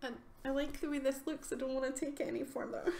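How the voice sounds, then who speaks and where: A woman's voice: sits high, steady tone, quick pace, mellow, a little hiss or hum. Giggly woman chatting on an art stream. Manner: chatty, giggly, answers chat questions with fillers. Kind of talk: casual live-stream chat. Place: home art studio. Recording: roomy home recording with faint ambience.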